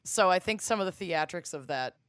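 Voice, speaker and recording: A woman's voice: fairly low pitch, expressive, fairly quick, fairly bright tone, no room sound. A woman guest on a podcast, chatting casually in a blunt, profane way and telling stories with laughs. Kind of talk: casual chat.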